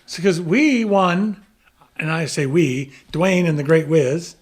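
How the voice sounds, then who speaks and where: A man's voice: fairly high pitch, expressive, slow pace. A man telling a long story in a casual chat, acting out the voices of the people he quotes and chuckling as he goes. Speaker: guest.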